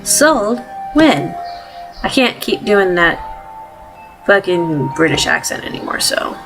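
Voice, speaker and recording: A woman's voice: on the low side, unhurried, creaky, music in the background, rough recording. A woman hosting a game playthrough, chatting casually and swearing bluntly as she plays. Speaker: let's play host.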